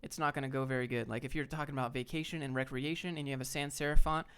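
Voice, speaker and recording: The job-advice streamer has a clear, resonant, mid-range voice and speaks rapid-fire. Relaxed and blunt, he swears offhandedly while casually reacting to his chat.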